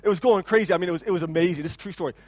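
A man in his thirties preaching a sermon, his voice sitting high for a man and sounding close and dry with little room around it. He talks loosely, repeats himself, and swings into loud, animated bursts. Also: racing, no room sound. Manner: animated preaching, shouts to imitate a crying child; repeats words and restarts, conversational. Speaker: pastor. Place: church hall.

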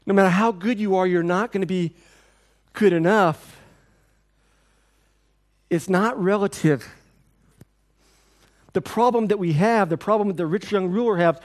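A pastor preaching a sermon in a church, with an earnest, repetitive cadence. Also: male voice, high voice, darkish tone.

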